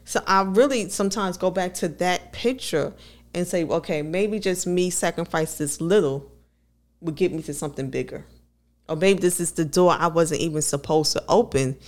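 A woman's voice: on the low side, normal speed. A woman co-hosting a podcast, talking candidly and laughing often as she tells personal stories. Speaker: podcast co-host. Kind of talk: casual conversational podcast.

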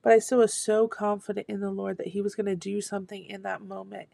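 Earnest woman telling a testimony, gravelly. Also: medium pitch, flat delivery, quick pace, warm tone, no echo. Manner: earnest, personal storytelling. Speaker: speaker sharing a testimony. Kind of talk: devotional testimony talk.

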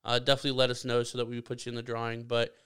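A man hosting a casual podcast, rambling and self-correcting as he talks, with plenty of jokes. His voice is very clear and smooth, sitting in a middle pitch. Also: completely flat delivery, racing, fairly bright tone. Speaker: podcast host.

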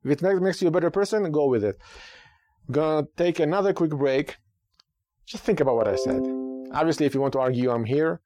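A man who is a rabbi and a radio podcast host, giving lively talk-show commentary with rhetorical questions and repeated phrases for emphasis. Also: on the high side, brisk, music in the background.

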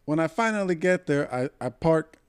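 With a clean tone and a voice on the high side, the young Puerto Rican podcast co-host moves at a moderate pace through an animated, heated, cursing-filled story. The casual chat is recorded dry and close.

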